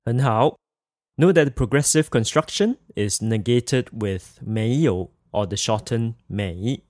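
A man's voice: medium pitch, measured pace, a little mellow, no room sound, studio quality. A man teaching a language lesson in a careful scripted manner, saying each example phrase twice for practice.

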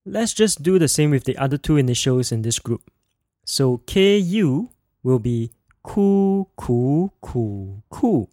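Male podcast teacher, mid-pitched, patient and precise, dry close-mic sound. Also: expressive, a little mellow, no echo. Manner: slow, clear modeling of sounds for repetition. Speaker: language teacher and podcast host. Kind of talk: scripted podcast language lesson.

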